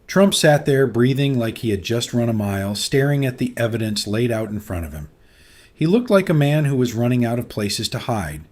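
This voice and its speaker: A man narrating a scripted story with dramatic, suspenseful delivery. His voice is mid-pitched and steady, with a smooth, even, synthetic-sounding flow. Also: normal speed.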